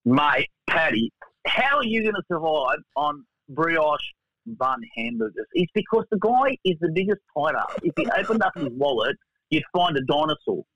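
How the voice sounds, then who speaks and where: A man's voice: fairly high pitch, moderate pace, dry recording, rough recording. A man, a podcast guest and coach, chatting casually and joking, calling people "mate". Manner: animated, jokey, uses "mate" often.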